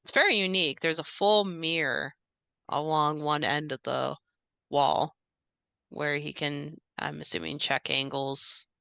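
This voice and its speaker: A woman's voice: low-pitched, steady tone, unhurried, vocal fry, bright, forceful tone, smooth, no echo, heavily acted. A woman voicing a rambling nervous house staffer. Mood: chatty. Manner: hesitant, rambling, many fillers.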